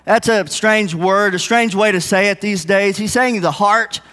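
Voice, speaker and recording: A man's voice: high voice, measured pace, pushed and bright. A man preaching a sermon in an earnest, conversational way, in a church sanctuary. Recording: long hall reverb.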